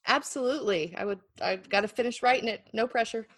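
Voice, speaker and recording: A woman's voice: on the high side, fast talker, a bit bright, no echo. A woman author talking casually about her writing with a self-deprecating, easy laugh, then reading her fantasy chapter aloud. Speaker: author and guest. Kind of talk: casual interview chat and book reading.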